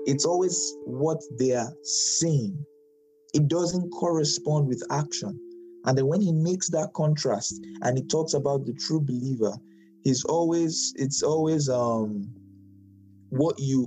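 A man as pastor, teaching a Bible study sermon, quoting verses with stress and asking quick tag questions. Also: mid-range voice, warm tone, poor audio.

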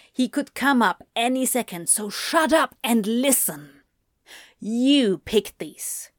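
A bossy, scheming male demon hisses urgent orders, as a woman reading a story puts him on. His voice has a hushed, pressing edge. The recording is dry and close. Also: mid-range voice, no echo, close to an everyday voice. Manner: urgent hissing whisper. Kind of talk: audiobook fan fiction reading.

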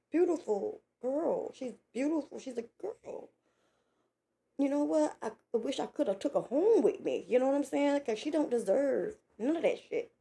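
Profane, gravelly woman telling a story. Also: on the high side. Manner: blunt, profane, animated retelling. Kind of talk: casual storytelling vlog.

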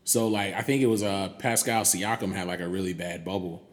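A man's voice: deep voice, steady tone, fairly quick. A man co-hosting a podcast in casual chat, playful and joking, sometimes sliding into a sultry croon. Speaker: podcast co-host. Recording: long reverb with faint noise.

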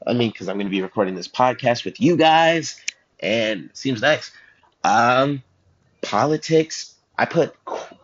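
A teenage boy hosts a podcast on his own, going off on tangents and joking at his own expense. His voice sits low. The school-room recording sounds muffled and lo-fi. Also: a bit bright. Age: teens. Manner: joking, self-deprecating, goes off on tangents. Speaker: student podcast host. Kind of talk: rambling solo podcast chat.

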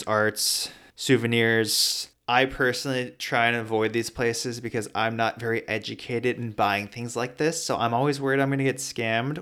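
A man narrating a casual travel vlog, chatty and relaxed, sometimes stopping to spell out place names letter by letter. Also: mid-range voice, smooth. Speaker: travel vlogger.

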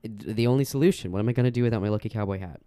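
A man's voice: lowish voice, very fast, mellow, smooth, dry recording. A man co-hosting a casual podcast, playful and jokey, with plenty of silly asides. He talks into a USB microphone in a room at home, and the sound is dry and close. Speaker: podcast co-host, writer. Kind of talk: casual chat. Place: room at parents' house at night.

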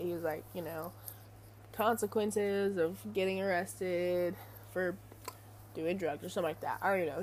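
A woman's voice: mid-range voice, a little mellow, a little hiss or hum. A young adult woman telling a casual story in a rambling, chatty way full of fillers. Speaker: vlogger.

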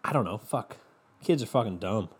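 A man's voice: fairly low pitch, animated, normal speed, slightly rough. A man ranting in a sarcastic, profane, rambling comedic monologue as a podcast host. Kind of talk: comedic rant.

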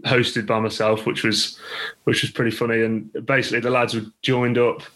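English male rugby coach guest, chatty storyteller, level and even delivery. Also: medium pitch, normal speed, low-quality recording. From England. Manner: chatty, with many restarts and laughs. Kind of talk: casual interview storytelling.

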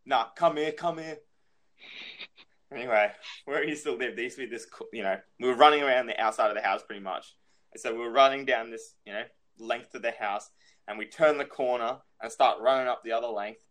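A man's voice: medium pitch, fast, a bit bright. A young man in casual chat, telling a childhood story, laughing often and swearing freely.

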